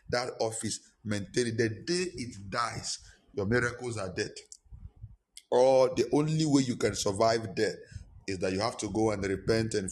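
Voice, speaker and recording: A male pastor, preaching a sermon with impassioned repetition and sudden high-pitched emphasis. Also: slight background noise.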